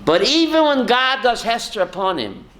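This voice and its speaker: Animated high-voiced rabbi teaching a class. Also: male voice, moderate pace. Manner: animated, calls on listeners by name, rhetorical questions. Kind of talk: Torah class to a live audience.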